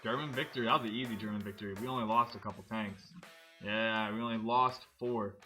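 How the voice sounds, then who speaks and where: Male let's-play commentator, crisp bright tone, loose and chatty. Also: fairly low pitch, fast, faint music behind. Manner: chatty, thinking aloud, excited at explosions. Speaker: gameplay commentator.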